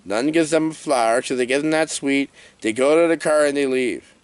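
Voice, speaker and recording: A man giving a comedic, rambling movie review rant in an animated, jokey way. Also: medium pitch, moderate pace, clear, resonant tone, no room sound.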